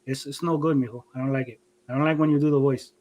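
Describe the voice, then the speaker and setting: A man's voice: mid-range voice, fairly even intonation, fast talker, darkish tone, voice pushed down, lightly acted. A man voicing his stubborn older father with a Spanish accent, defensive and insistent. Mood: scolding. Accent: Spanish-accented English. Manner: indignant, insistent, repeats "okay?". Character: grumpy older Hispanic dad, stubborn and defensive.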